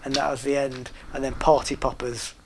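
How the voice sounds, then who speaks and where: A man's voice: medium pitch, little pitch movement, normal speed, a little mellow, a little hiss or hum. Middle-aged man, northern English accent, loose rambling anecdote delivery, hesitant, laughs along with his own tale. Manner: rambling, hesitant, with many fillers and restarts. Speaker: storyteller. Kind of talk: casual anecdote telling.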